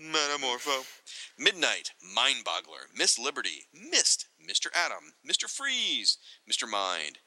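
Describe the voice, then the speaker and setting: A man co-hosting a casual chat, reading entries aloud from a reference book and adding excitable, joking asides. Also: medium pitch, unhurried, few pauses, no echo, low-quality recording. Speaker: podcast co-host.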